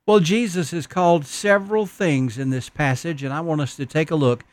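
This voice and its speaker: A man's voice: a little high, normal speed. A man preaching a Christmas sermon, telling stories in an earnest, folksy way. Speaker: pastor.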